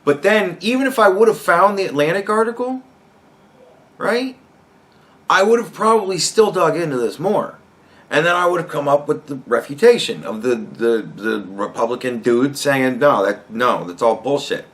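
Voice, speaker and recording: A man's voice: on the high side, lively intonation, normal speed. Foul-mouthed young man ranting. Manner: heated, swearing, rising to shouts. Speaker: podcast host. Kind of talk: profane rant commentary.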